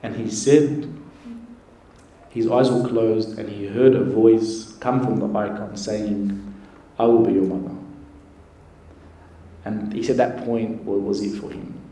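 A man, a priest, giving an earnest, gentle sermon with pauses. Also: on the low side, fairly even intonation. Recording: echoey church with faint noise.

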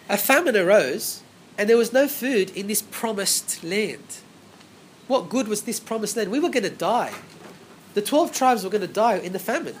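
A man's voice: high-pitched, fairly bright tone, a little hiss or hum. A man preaching a Bible sermon, emphatic, repeating phrases and asking rhetorical questions.

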